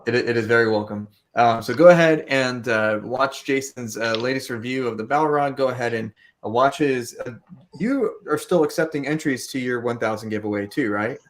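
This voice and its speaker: A man's voice: mid-range voice, moderate pace. Easygoing male podcast host. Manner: easygoing, hesitant with many ums. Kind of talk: casual podcast chat.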